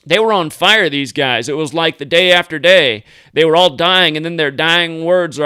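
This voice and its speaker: Brief: American man hosting a profane, combative rant vlog; high, sharp voice, smooth and dry. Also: normal speed, few pauses, dry recording. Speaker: host. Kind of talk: ranting video commentary.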